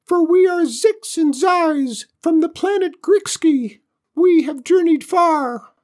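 A squeaky, self-important little alien invader barks grand orders in a storybook reading. The voice sits very high and louder than the narration, with an indignant swing, and the reading drifts along unhurried. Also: female voice. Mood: pompous. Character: tiny pompous purple alien invaders. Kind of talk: storybook character voice.

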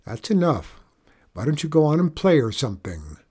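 A man voicing a condescending high-school guy talking down to a kid. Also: big pitch swings, normal speed, darkish tone, slightly rough.

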